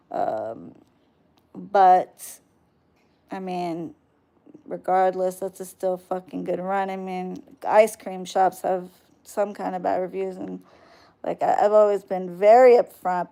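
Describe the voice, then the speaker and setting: Smooth-voiced woman ranting bluntly. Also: medium pitch, dark tone. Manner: blunt and profane, with many fillers. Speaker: spiritual worker and business owner. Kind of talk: casual vlog rant.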